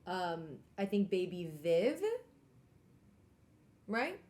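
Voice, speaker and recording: A woman hosting a casual live-stream book club, talking in an animated way with exclamations and trailing fillers. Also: lowish voice, drawn-out words, a little hiss or hum.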